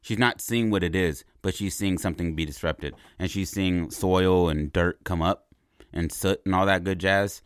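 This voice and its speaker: Deep-voiced guy rambling thru a movie pitch, keeps saying right?, dry close sound. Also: moderate pace, clear, resonant tone, no echo. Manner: rambling and animated, repeats words, asks "right?". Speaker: podcast host pitching a movie idea. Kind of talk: casual storytelling.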